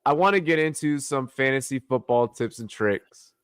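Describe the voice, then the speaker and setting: A man hosting a casual sports talk stream, joking and animated. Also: normal speed, clear, resonant tone, no room sound. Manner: animated, joking, swings pitch widely. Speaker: podcast host. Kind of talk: casual chat.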